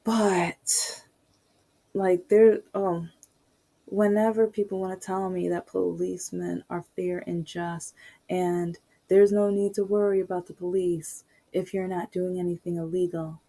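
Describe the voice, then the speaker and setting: A woman with a low, husky, mellow voice tells a personal story casually, as a podcaster. She talks candidly and wanders into asides as she goes. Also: flat delivery, unhurried. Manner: candid, rambling, with many asides.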